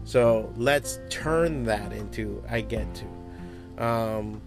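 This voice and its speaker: A man who owns a comic book shop, talking in a casual podcast monologue, swearing often and rambling through animated stories. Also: on the low side, extremely slow, over music. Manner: profane, rambling, animated storytelling.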